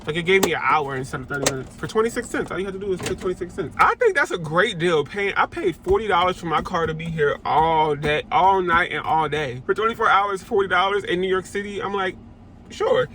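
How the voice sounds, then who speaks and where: A man's voice: high-pitched, animated, fast, hardly any pauses, bright, forceful tone, slight background noise. A young man vlogging casually, chatty and playful, often laughing through his asides while he walks around and eats. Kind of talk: casual vlog chat. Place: outdoors in a city park and in a car.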